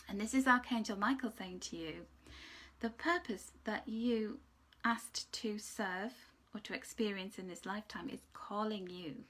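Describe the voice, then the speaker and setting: A woman giving a chatty, rambling angel card reading, sometimes dropping into soft whispered asides. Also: mid-range voice, moderate pace. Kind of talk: casual spiritual card reading.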